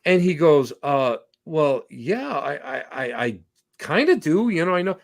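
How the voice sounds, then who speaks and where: A man with a slightly high voice and a very lively, swooping delivery, telling road stories as a podcast guest. He slips into other people's voices as he tells them. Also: measured pace, creaky. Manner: animated, acts out voices in anecdotes. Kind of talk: casual storytelling on a podcast.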